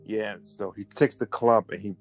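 A man casually tells a personal story, animated and often repeating himself, restarting and correcting his sentences as he recalls the memory. His voice is on the low side at a moderate pace, with faint music behind.

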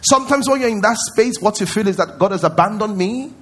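A man's voice: sits high, fast talker, a bit bright, husky. A man preaching a sermon as pastor at a church service, emphatic and repetitive, often quizzing his congregation.

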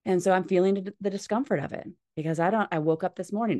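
A woman's voice: mid-range voice, quick pace, few pauses, mellow, no echo. A woman talking as a podcast guest, candid and heartfelt, swearing casually. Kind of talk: candid conversational interview.

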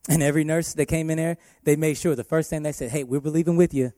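A man, a worship pastor, preaching a sermon in an emphatic way, his loudness rising and falling. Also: a little high, steady tone, quick pace, dry recording.

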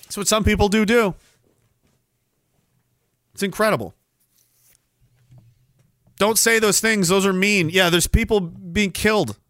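A man's voice: high-pitched, fairly even intonation, measured pace, long pauses, fairly bright tone, no echo, clean studio sound. A Canadian man hosting a podcast, ranting angrily in a solo commentary with sarcastic mocking asides. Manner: angry, sarcastic, mocking imitations. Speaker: podcast host.

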